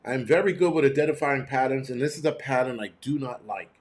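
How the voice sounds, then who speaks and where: A man hosting his own show, telling a story in a blunt, profane, animated way. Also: mid-range voice, brisk. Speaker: host. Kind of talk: casual storytelling monologue.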